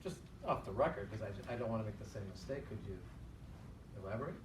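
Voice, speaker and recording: Man, role-play plumber, quick speech, friendly questions, echoey distant recording. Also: lowish voice, expressive. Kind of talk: improvised sales role-play. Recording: echoey room, distant mic, noisy.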